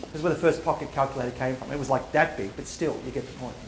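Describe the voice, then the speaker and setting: A man's voice: medium pitch, racing, slight background noise. A man giving a live university talk, playful and joking, firing off rhetorical questions at the audience. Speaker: public speaker. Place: university lecture hall. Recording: roomy hall echo.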